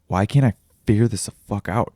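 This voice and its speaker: A young adult man talking candidly in a personal vlog, halting and confessional, swearing often. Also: fairly low pitch, dark tone, no room sound, studio quality. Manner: raw, halting, confessional, with frequent swearing and restarts. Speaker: vlogger and podcaster.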